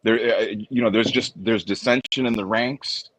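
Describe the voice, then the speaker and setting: A man's voice: fairly low pitch, fairly even intonation, normal speed, a bit bright, no echo. A man co-hosting a podcast in casual chat, giving rambling, hesitant opinions. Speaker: podcast co-host.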